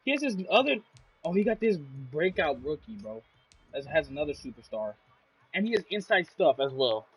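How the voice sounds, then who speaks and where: Husky high-voiced man streaming a game. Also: sing-song, normal speed, fairly bright tone. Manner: blunt, profane, exasperated trash talk. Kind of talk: casual live gameplay chatter.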